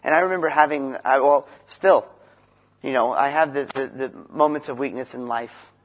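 A man preaching a sermon in an earnest way, shifting from loud emphasis to quiet, low passages and acting out short dialogues. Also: normal speed. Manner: acts out dialogue between Moses and God.

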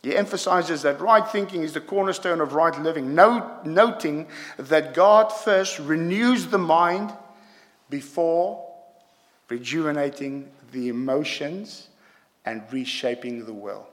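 A man's voice: fairly high pitch, unhurried. A man preaching a sermon to a congregation, emphatic and punctuating his points with "yeah?". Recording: long hall reverb.

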